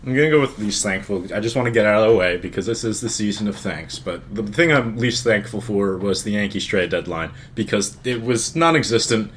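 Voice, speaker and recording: Young male co-host, lower voice, earnest and keen, light noise floor. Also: a little fast, hardly any pauses, fairly bright tone. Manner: earnest, enthusiastic storyteller. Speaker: podcast co-host. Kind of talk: casual sports chat.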